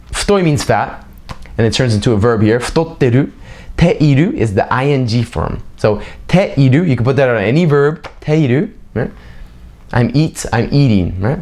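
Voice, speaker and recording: Young male teacher, mid-pitched, casual unscripted lesson, rambling and self-deprecating, tags sentences with "right?". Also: a little mellow. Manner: loose and rambling, chatty asides and self-mocking jokes; keeps checking in with a tag "right?". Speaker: language teacher.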